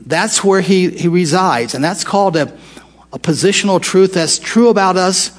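Man, Bible study teacher, somewhat high voice, conversational, repeats for emphasis. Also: normal speed. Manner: conversational, asks questions, repeats phrases for emphasis.

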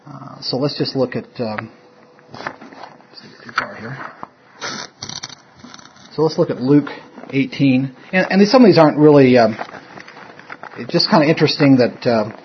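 In an unhurried, medium-pitched voice broken by long pauses, a man teaches an informal Bible study, rambling and interrupting himself with frequent chuckles. A little hiss or hum runs through the dull lo-fi room recording.

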